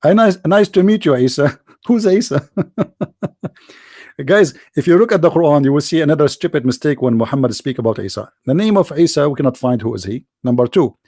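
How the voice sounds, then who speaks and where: A man's voice: on the high side, animated, fast, few pauses, mellow, dry recording, clean studio sound. A man hosting a livestream, telling mocking stories in a casual rant, often repeating his words and laughing. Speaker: livestream host debating callers.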